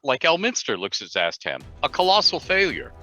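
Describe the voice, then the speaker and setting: A man's voice: fairly high pitch, huge pitch swings, brisk, sharp tone, highs cut off, soft background music. A man appearing as a guest author in a casual talk, wry and playful in how he talks. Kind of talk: casual chat.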